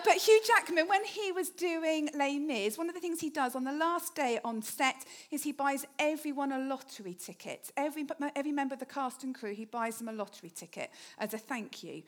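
A woman's voice: sits high, a bit bright. A woman giving a chatty, humorous sermon, often putting questions to the congregation. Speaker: preacher.

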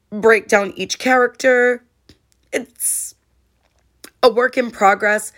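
A woman speaks slowly and thoughtfully in a solo podcast monologue. Her voice is hoarse and catches at times, and her pitch sits in a middle range. She sounds sincere and reflective as she talks. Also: a bit bright. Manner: slow, heartfelt and reflective. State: hoarse, voice cracking. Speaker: podcast host.

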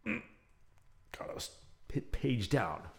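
Animated man reading a serial story. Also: medium pitch, takes it slowly, vocal fry. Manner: chatty, animated, with asides. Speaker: podcast host and narrator. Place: home, near an open window.

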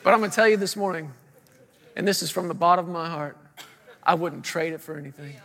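Brief: man in his 30s, storytelling pastor, high and bright, reverberant church hall. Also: fairly even intonation, quick pace. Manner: storytelling, acting out voices, humorous. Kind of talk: sermon.

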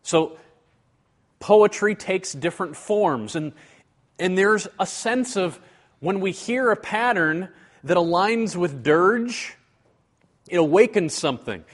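A man giving a teaching sermon in an earnest way, slowing and dropping low to stress a point. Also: animated.

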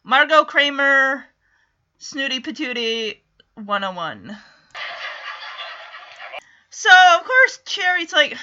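A woman hosting a podcast from home, recapping a story in a casual, animated way and acting out the lines. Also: high voice, takes it slowly, long pauses, highs cut off. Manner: animated storyteller who acts out quotes. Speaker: podcast host.

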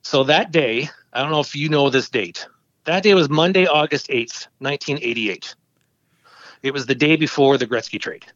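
A man's voice: medium pitch, normal speed, no echo, lo-fi sound. A man in his fifties, a podcast host, telling stories in casual chat and acting out quotes. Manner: storytelling, animated quoting.

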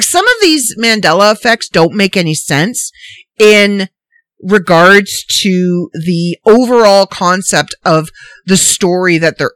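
A woman hosting a casual solo podcast, ranting in an animated, incredulous, rambling way. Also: mid-range voice, dry recording. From Canada. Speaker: podcast host.

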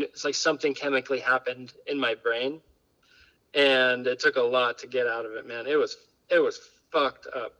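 A man's voice: medium pitch, sharp tone, highs cut off. A man chatting candidly as a podcast guest, rambling and full of fillers. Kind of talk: casual chat.

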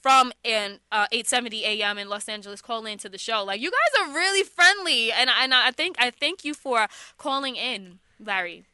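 Woman talk radio host, bright voice, dry studio sound, chatty. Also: a little high, animated, moderate pace, smooth, no echo. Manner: chatty, laughs often.

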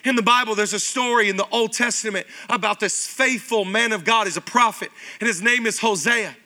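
A man in his thirties preaching a sermon as pastor, animated and conversational with lots of repetition. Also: high voice, a little fast. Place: church auditorium.

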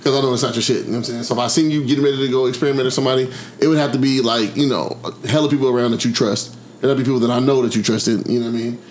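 A man's voice: medium pitch, steady tone, racing, a little hiss or hum. A man in casual podcast chat, teasing and joking in slang.

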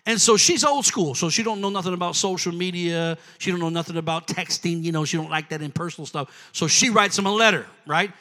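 A man preaching a sermon, telling a story and building up to shouted preaching. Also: high-pitched, a little fast, few pauses. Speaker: pastor. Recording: echoey hall.

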